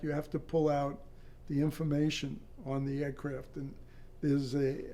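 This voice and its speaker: An older man, a former air traffic controller, recounting a personal story in an interview, halting and matter-of-fact. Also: a little high, warm tone.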